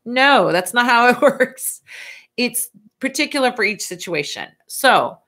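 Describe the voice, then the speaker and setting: A middle-aged woman hosting a casual live Q&A, chatty and animated as she answers viewer questions. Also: a little high, measured pace. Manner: chatty and animated, stretching words for emphasis.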